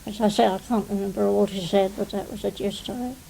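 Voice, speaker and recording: A woman's voice: medium pitch, fairly even intonation, a little fast, gravelly, dark tone, slight background noise, poor audio. An English woman in her nineties, a retired stage actress reminiscing in a television interview, rambling and often adding "you see". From England. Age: 90s.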